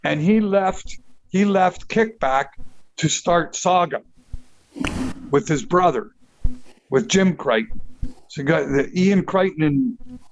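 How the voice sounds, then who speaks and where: An older man from Canada tells rambling stories in an interview, swearing freely and acting out what others said. His voice sits a little high for a man. He talks at an unhurried, drawn-out pace. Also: dull audio. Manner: profane, animated, acts out quotes with laughs. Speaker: guest musician. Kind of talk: casual storytelling interview.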